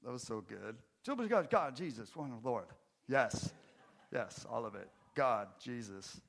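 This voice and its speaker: Joking, earnest pastor preaching a sermon. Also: male voice, mid-range voice, animated, takes it slowly, vocal fry. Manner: joking, self-deprecating asides that drop to quiet, earnest emphasis. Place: church.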